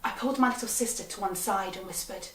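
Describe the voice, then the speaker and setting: A woman's voice: medium pitch, fast, slight background noise. Wry woman telling comic stories, far from the mic. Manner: wry, deadpan comic delivery. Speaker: storyteller. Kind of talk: comic storytelling. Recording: roomy sound from a distant mic.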